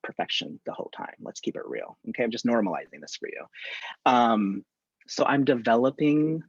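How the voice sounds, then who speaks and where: A man talking as a therapist in a live online conversation, candid and animated, acting out examples from his work. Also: mid-range voice, breathy edge, no echo, lo-fi sound.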